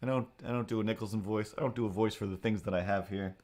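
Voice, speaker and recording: A man's voice: lowish voice, fairly even intonation, fast talker, a little mellow. Rambling male streamer chatting casually. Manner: rambling, with many restarts and asides. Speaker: streamer and artist. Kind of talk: casual live-stream chat.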